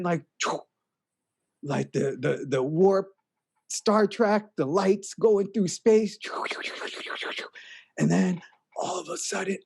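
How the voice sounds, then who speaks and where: Man, comedic storytelling, dreamy and rambling, unhurried, a bit high-pitched. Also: gravelly, a little mellow, slightly rough. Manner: dreamy and rambling, drawn-out "man" and trailing restarts.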